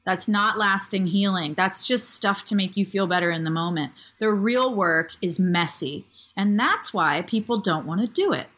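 A woman with a medium voice speaks in a relaxed conversation. She lays out her point patiently, piece by piece, in a supportive tone. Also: mid-range voice, moderate pace, hardly any pauses. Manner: supportive and explanatory, builds points step by step. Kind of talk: casual chat.

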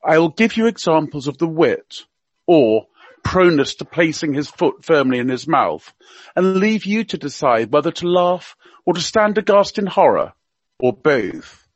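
A man's voice: on the high side, big pitch swings, normal speed, dry recording. Wry man with a light RP accent. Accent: slight received pronunciation. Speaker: guest commentator. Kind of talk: scripted humorous radio piece. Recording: dull, dry lo-fi sound.

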